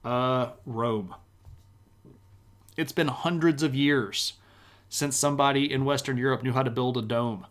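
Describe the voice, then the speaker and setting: A man's voice: mid-range voice, unhurried, pauses often, fairly bright tone. A man streaming a live history lecture, talking in a casual, enthusiastic way with plenty of slang.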